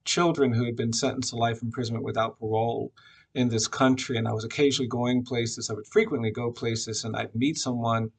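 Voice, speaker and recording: A man giving a reflective personal tribute at a memorial, telling a story with frequent pauses and fillers. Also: medium pitch, steady tone, creaky, slightly rough. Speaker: memorial speaker.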